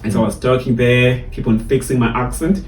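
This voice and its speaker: A man from South Africa with a South African Xhosa English accent, telling lively stories in a casual chat with many fillers and repeats. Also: medium pitch, brisk. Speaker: barista trainer, guest. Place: in a car. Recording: roomy sound, mic at a distance, faint ambience.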